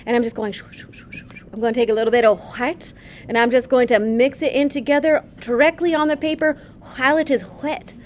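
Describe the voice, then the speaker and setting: A woman art teacher walks a classroom through a painting technique in a gentle, chatty way. Her voice sits a little higher than most. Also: steady tone, quick pace, slight background noise. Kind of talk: painting demonstration.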